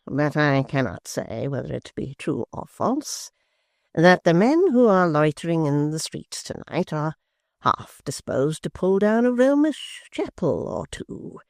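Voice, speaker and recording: A sly, sneering male secretary, voiced by an audiobook reader, who talks in a silky, unhurried way and lets some words sink almost to a whisper. The delivery is very slow and dry, with a cold edge of mockery. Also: medium pitch, gravelly, no room sound, heavily acted. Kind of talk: audiobook character voice.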